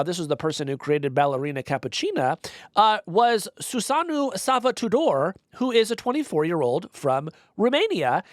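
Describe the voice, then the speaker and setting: A man's voice: sits high, fairly bright tone, dry recording. Dry-witted man co-hosting a podcast. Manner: dry, teasing, explanatory. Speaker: podcast co-host. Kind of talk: casual chat.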